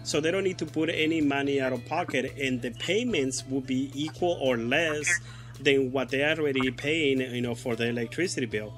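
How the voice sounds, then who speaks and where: A man's voice: mid-range voice, moderate pace, over music. A man hosting a casual interview, talking conversationally and asking long, winding questions. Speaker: host.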